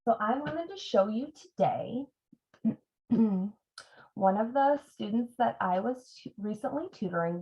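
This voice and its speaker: A woman's voice: mid-range voice, vocal fry, darkish tone. A middle-aged woman reading tutor leading a parent workshop, patiently breaking words into sounds as she demonstrates. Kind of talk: teaching demonstration. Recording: dull lo-fi sound.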